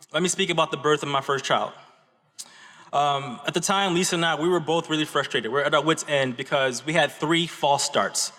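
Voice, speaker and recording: The echo of a large auditorium surrounds a graduate student from Michigan giving a convocation speech at a podium. His voice is a little high, pushed and bright, and he tells his story earnestly, dropping "right?" asides to the crowd.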